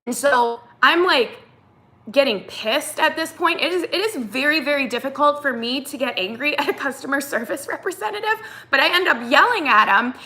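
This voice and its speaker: Bright-voiced young woman telling a story. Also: high voice, normal speed. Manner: animated retelling, acts out quotes, fillers like "like". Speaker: vlogger. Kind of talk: casual storytime chat.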